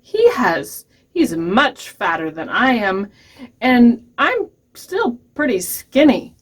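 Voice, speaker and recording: The middle billy goat explains himself calmly to a troll, read by a woman. His voice is plain and slow, with a slight plea in it. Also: a little high, slightly rough, heavily acted. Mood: explaining. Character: middle billy goat brother, bigger, reasonable.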